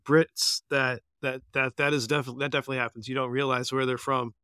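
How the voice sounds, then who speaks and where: A man hosts a music podcast in a relaxed, halting way, circling back over his words. His voice sits in a middle range. The recording is dry and close. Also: medium pitch, clean tone, dry recording. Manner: relaxed, hesitant, restarts his phrases. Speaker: podcast host. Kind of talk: casual podcast conversation.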